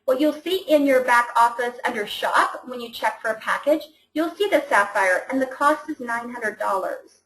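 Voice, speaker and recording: A woman's voice: fairly high pitch, lively intonation, normal speed, few pauses, a bit bright, roomy sound, rough recording. A woman coaching her sales team in a casual training call, chatty and enthusiastic, often restarting her sentences.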